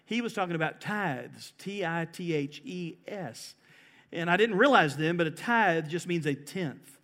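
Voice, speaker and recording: A man preaching a sermon as a pastor, earnest, rising to emphatic peaks and then dropping soft. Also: fairly high pitch.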